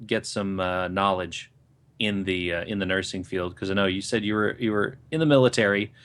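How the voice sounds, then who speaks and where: A man's voice: sits low, normal speed, fairly bright tone, smooth. A man co-hosting a podcast, offering thoughtful, rambling advice in casual chat. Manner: thoughtful, rambling, with many fillers and restarts. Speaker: podcast co-host.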